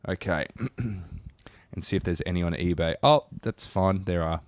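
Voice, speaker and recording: A man's voice: sits low, moderate pace. An Australian man co-hosting a podcast in casual chat, crude and jokey. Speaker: podcast co-host.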